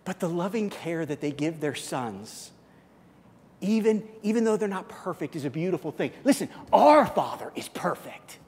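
A male pastor preaching a conversational sermon, often repeating and restarting words, swinging between loud animated bursts and soft hushed stretches. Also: on the high side, normal speed, husky, long reverb tail.

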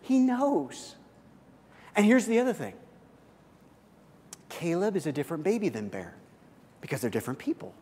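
A male pastor preaching a conversational sermon, often repeating and restarting words, swinging between loud animated bursts and soft hushed stretches. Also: on the high side, moderate pace, long pauses, in a large hall, slight background noise.

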